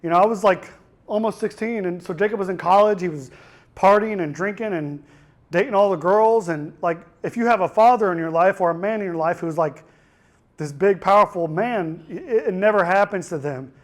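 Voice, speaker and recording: A young man with a high-pitched voice gives a keynote speech in a conference hall at a moderate pace. He tells a personal story rawly and emotionally, restarting often.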